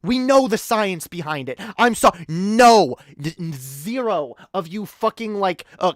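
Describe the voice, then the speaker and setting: A woman from Canada, medium-pitched with lively intonation, rants with anger and profanity on a live stream, pausing little and speaking slightly slowly. She often stumbles and repeats words. There's no echo, and the sound is clean studio quality.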